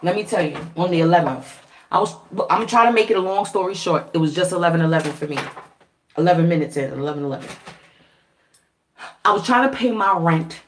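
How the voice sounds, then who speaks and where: A woman vlogger telling a story to her viewers in a casual, animated way, swearing freely and laughing often. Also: on the low side, fairly quick, a little hiss or hum. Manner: animated, profane, laughing, acts out quoted voices. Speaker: spiritual reader and vlogger. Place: at home.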